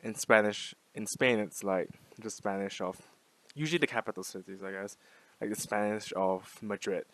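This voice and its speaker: A man's voice: lowish voice, normal speed, dry recording, rough recording. A young man from Singapore with a light Singaporean English accent, musing unscripted to camera, full of "like" fillers and restarts. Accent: mixed, light Singaporean English. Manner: rambling, many "like" fillers and restarts. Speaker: vlogger.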